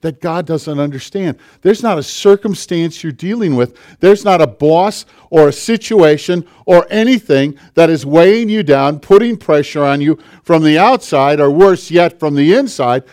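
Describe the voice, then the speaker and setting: A male pastor preaching a sermon with passion, swinging from forceful declarations to hushed, intimate asides. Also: on the high side, animated, moderate pace, few pauses.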